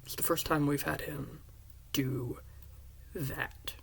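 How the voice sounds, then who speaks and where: A man earnestly retelling the scenes of a story pitch he wrote, often dropping into hushed half-whispers. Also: fairly even intonation, slow, creaky, breathy edge. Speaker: fan pitching a series.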